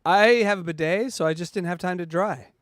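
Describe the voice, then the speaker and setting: A man hosting a podcast, chatting casually with crude jokes and lots of halting fillers. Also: sits high, fairly even intonation, fairly bright tone, no room sound. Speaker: podcast host.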